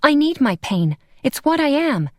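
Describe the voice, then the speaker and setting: A woman's voice: sits high, sing-song, unhurried, no echo, pitched above the performer's own voice. Vonda is a guarded, hot-tempered vampire woman with a wry, defensive way of talking, as a woman reads her in an audiobook. Her voice moves up and down expressively. The sound is dry and close. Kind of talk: audiobook character voice.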